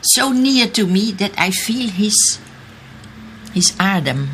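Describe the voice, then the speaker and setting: Slow, halting older woman. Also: mid-range voice, sing-song, fairly bright tone, slight background noise. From Austria. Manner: halting, searching for English words. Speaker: interviewee, eyewitness. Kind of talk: recalled testimony in an archive interview.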